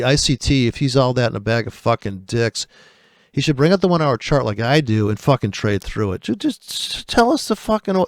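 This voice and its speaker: A man with a gravelly, fry-laden voice rants through his chart commentary. He swears freely and mocks others with biting sarcasm. His voice sounds dry and close, with no room around it. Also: mid-range voice, no room sound. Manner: profane, sarcastic, mocking. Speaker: trader. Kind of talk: ranting commentary over live charts.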